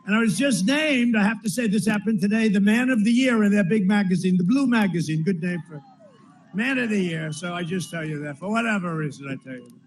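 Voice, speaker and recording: Male politician at a rally, higher voice than most men, talks in loose repetitive riffs and turns to the crowd often. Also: brisk, a little hiss or hum, low-quality recording. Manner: rambling, repetitive, with asides to the crowd. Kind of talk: campaign rally speech. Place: large rally venue.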